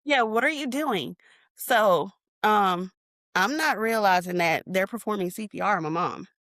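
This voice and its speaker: A woman at a middle pitch tells a painful memory on a podcast, reliving it as she speaks and voicing her own past shouts. The recording is close and dry, with no room sound. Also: a little slow, dry recording. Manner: emotional retelling, reenacting her own shouts. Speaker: podcast guest. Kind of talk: personal storytelling interview.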